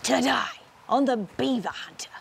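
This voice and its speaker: A woman playing an excitable, theatrical wildlife-show host in a comedy sketch, dropping into hushed whispers. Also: sits high, normal speed, gravelly, a little hiss or hum. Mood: showy. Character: brash Australian-style wildlife-show host.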